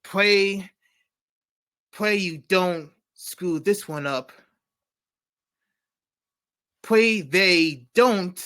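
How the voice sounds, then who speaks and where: Slow, stumbling male comedy host. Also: sits high, fairly bright tone, clean tone. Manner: stumbling, self-correcting joke delivery. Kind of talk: scripted comedy news segment.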